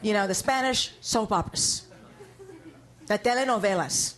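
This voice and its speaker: A woman's voice: mid-range voice, normal speed, a bit bright, a faint crowd. A woman from New York doing a stand-up comedy set on stage. She talks in a wry, conversational way and builds each bit toward a punchline. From New York, USA. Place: comedy stage before an audience.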